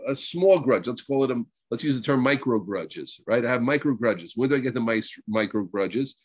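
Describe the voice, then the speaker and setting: A middle-aged Torah teacher with a New Jersey accent gives a conversational religious class, mixing Hebrew terms into his English and repeatedly checking in with "right?". His voice is mid-range, and there's no room sound.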